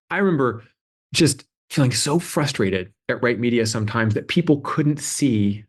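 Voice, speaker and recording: Man, interview guest, casual storytelling, animated, filler words, mid pitch. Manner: animated storytelling, acting out quoted voices; fillers like "like" and restarts. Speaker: interview guest, adtech CEO.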